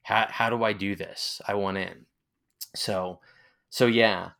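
A man's voice: on the low side, fairly even intonation, slow, vocal fry, fairly bright tone. A man in his forties with a Long Island accent, rambling as he tells nostalgic stories in a casual interview. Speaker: interviewee, former college radio announcer.

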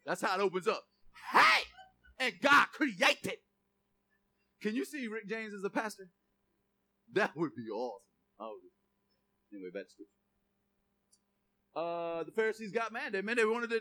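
A male pastor giving a sermon in a lively, joking way, reading scripture aloud. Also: high-pitched, fairly quick, pauses often.

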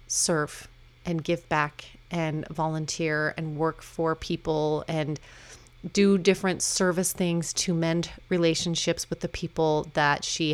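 A middle-aged woman hosting her own podcast, talking casually and chattily with quick asides and laughs at herself. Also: low voice, smooth. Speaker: podcast host. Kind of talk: casual solo podcast talk.

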